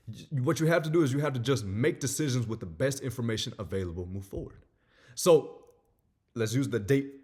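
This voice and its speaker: A young man talks through self-help advice in an animated way, acting out small scenes as he goes. His voice has a husky grain, and his pitch leaps up and drops low. It sits at an ordinary middle height for a man. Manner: animated, acts out little scenes. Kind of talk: motivational talk to camera.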